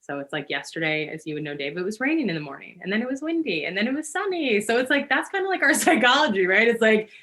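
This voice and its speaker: A woman talks quickly in a bright, forceful voice as a podcast guest. She tells her stories in an animated, rambling way, full of fillers. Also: on the high side. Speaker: podcast guest, trauma-informed yoga teacher. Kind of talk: casual interview conversation.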